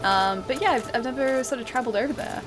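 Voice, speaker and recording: Australian woman, casual game streamer, chatty and full of fillers, loud game music underneath. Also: fairly high pitch, fast. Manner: chatty, laughs often, many fillers. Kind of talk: casual gameplay stream chat.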